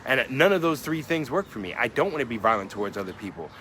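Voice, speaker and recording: A man's voice: medium pitch, sing-song, quick pace, fairly bright tone, a little hiss or hum. A man in his forties, a rapper explaining his lyrics in a reflective monologue, musing and asking many rhetorical questions. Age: 40s.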